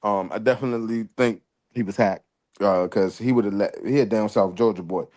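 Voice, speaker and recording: A man co-hosting a casual wrestling podcast, talking in a laid-back, halting way with many fillers. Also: on the low side, a little mellow. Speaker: podcast co-host.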